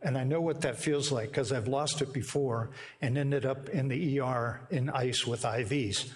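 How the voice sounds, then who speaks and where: A man's voice: mid-range voice, fairly even intonation, moderate pace. Storytelling male pastor in a reverberant hall. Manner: conversational, vivid storytelling. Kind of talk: sermon storytelling and prayer. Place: church sanctuary.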